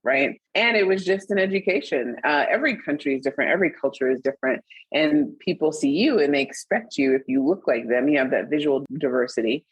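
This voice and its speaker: A middle-aged woman as an interview guest, talking reflectively and turning animated when she retells stories. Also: rumbling low, husky, no room sound, rough recording. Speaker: interview guest, magazine editor. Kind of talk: conversational interview.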